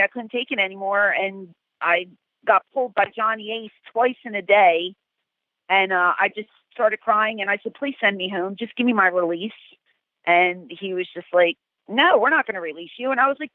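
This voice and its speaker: A middle-aged woman, a guest, telling animated stories and acting out the quotes. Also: mid-range voice, no echo. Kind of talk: storytelling interview. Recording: tinny phone-like call, dry.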